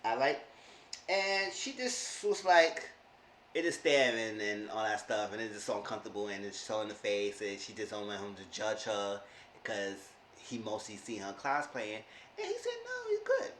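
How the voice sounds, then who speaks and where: A man's voice: lowish voice, moderate pace, a bit bright. Chatty man recapping a show, echoey. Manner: chatty, loose, calls to viewers as "y'all". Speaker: YouTube show reviewer. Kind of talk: casual episode recap. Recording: roomy echo, distant mic, faint noise.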